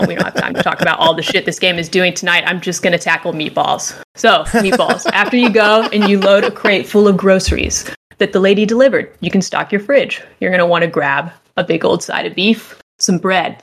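Lively, joking woman host, slightly low voice. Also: brisk. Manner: animated, joking, rambling and enthusiastic. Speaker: podcast host reviewing a game. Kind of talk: casual chat.

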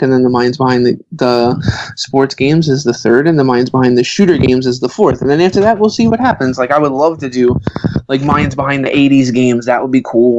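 A man's voice: mid-range voice, lo-fi sound, background noise. A man in his thirties from Brooklyn with a New York accent, chatting casually as a guest and acting out the people he quotes. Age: 30s. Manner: animated storyteller, acts out quotes. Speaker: book author guest. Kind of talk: casual podcast chat.

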